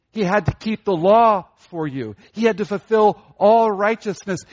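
A man preaching a sermon with emphatic delivery, repeating key phrases and rising in pitch to stress a point. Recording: dull lo-fi recording.

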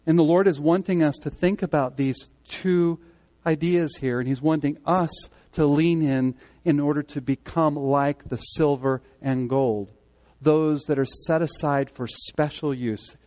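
A man giving a sermon as pastor, speaking conversationally and swinging between loud emphatic moments and quiet earnest ones. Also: a little high, measured pace. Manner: conversational preaching, rising and falling in emphasis.

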